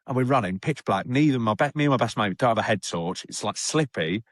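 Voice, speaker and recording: A man's voice: mid-range voice, animated, brisk, no room sound, clean studio sound. A young man, a guest on a rehab talk show, telling a story in a chatty way with many restarts. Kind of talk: casual storytelling chat.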